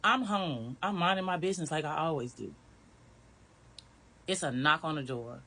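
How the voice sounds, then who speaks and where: Woman spilling her own story, blunt and a bit profane, bright sharp voice. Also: low-pitched, moderate pace, slightly rough. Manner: candid and blunt, with swearing and vivid retelling. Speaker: storyteller recounting her marriage. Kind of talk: casual personal storytelling.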